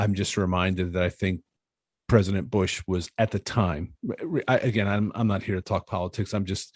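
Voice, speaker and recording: Deep-voiced earnest podcast host man. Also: dry recording, studio quality. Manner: earnest, rambling, hedging. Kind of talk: casual interview chat.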